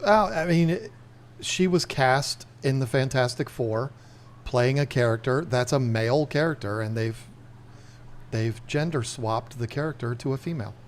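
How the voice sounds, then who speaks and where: A man hosting a casual livestream chat, rambling easily from one thing to the next. He talks at an ordinary middle pitch and speaks straight to the camera. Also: moderate pace, a little hiss or hum. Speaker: livestream host.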